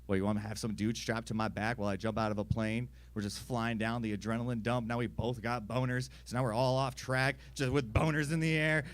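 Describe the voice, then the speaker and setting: Crude young man doing stand-up. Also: mid-range voice. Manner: crude, deadpan storytelling with acted-out voices. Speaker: stand-up comedian. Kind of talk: stand-up comedy set.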